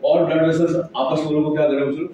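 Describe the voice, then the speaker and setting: Quick indian guy teaching a class, keeps quizzing the kids, echoey room, a bit off mic. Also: on the high side, level tone, warm tone, distant mic, slight background noise. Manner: quizzes students, mixes English, Hindi and Marathi. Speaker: biology teacher. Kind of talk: classroom lecture.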